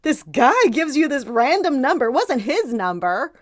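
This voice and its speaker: A woman hosts a podcast interview with plenty of enthusiasm, rambling and often restarting her questions. Her voice sits a little high, and the sound is dry and close, with no room. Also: sing-song, normal speed, no room sound. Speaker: podcast host.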